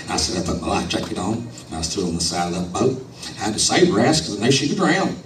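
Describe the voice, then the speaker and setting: A man's voice: on the low side, sing-song, fast talker, fairly bright tone. A man voicing a crude, boastful foreman who tells a rambling fishing tale full of cursing. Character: crude, boastful middle-aged male foreman. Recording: roomy hall, distant mic, noisy.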